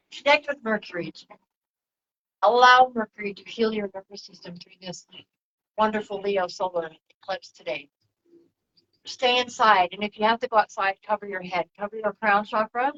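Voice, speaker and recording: A woman talking casually on her own broadcast as a spiritual channeler, soft and reflective, drifting from one thought to the next. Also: medium pitch, lo-fi sound. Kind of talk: casual spiritual livestream talk.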